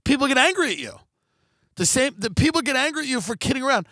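Man, comedy podcast host, sarcastic rambling rant, profane, high voice, dry sound. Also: sing-song, fast, sharp tone, no echo. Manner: sarcastic, mocks critics with mimicked voices. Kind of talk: ranting comedic monologue.

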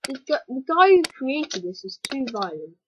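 A woman giving casual gameplay commentary, excitable and prone to yelps and exclamations. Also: sits high, moderate pace, highs cut off, noisy background.

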